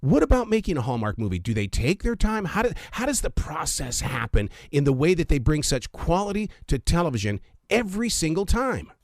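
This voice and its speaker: A man's voice: a little high, sing-song, a little fast, no echo, clean studio sound. Rambling male radio interviewer. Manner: long rambling questions with stumbling restarts.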